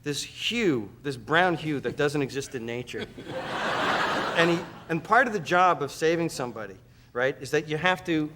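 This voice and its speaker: A man from Canada, a talk-show guest, telling a comic story with lively acted-out voices. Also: normal speed. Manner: animated, acts out voices with high shrieks. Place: TV studio with live audience. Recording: TV studio audio, crowd and noise. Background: audience laughter.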